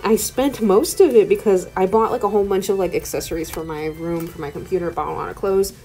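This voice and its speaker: A young woman in her twenties, an art YouTuber, rambles through a casual voice-over at home with faint music in the background. Her mid-range, warm voice moves quickly, chatty and loose, with "like" in almost every sentence.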